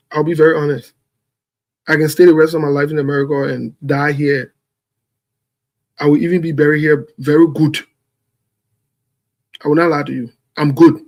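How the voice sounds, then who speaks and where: A man's voice: fairly high pitch, a little mellow. A man from Liberia hosting a show, speaking bluntly and emphatically in impassioned political commentary, repeating phrases for force. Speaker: show host. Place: home in the United States.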